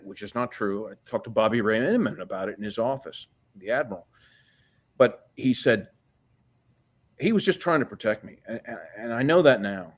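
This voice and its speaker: A man's voice: medium pitch, brisk. A man in his fifties, a guest in an interview, telling long rambling stories with plenty of swearing and acted-out quoted dialogue. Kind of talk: casual storytelling interview.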